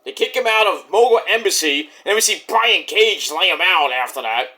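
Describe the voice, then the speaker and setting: A man giving a casual, rambling vlog review of a wrestling show, cursing freely and filling pauses with lots of "uh.". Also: sits high, lively intonation, bright, forceful tone. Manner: rambling, profane, many fillers.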